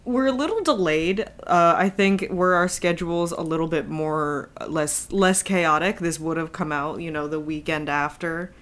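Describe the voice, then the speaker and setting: A woman's voice: sits low, moderate pace, hardly any pauses, a bit bright. A woman co-hosting a podcast in casual chat, rambling with asides and frequent laughs. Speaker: podcast co-host.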